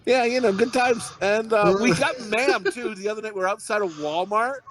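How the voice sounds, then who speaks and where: High-voiced profane middle-aged storyteller man. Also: moderate pace. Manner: profane, rambling, self-mocking. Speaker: podcast co-host. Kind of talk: casual storytelling.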